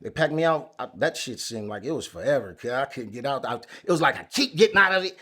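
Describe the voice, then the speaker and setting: A man as an interview guest, telling a story in casual chat, animated and full of street slang. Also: medium pitch, fast talker. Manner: animated, acts out quoted lines loudly, heavy street slang.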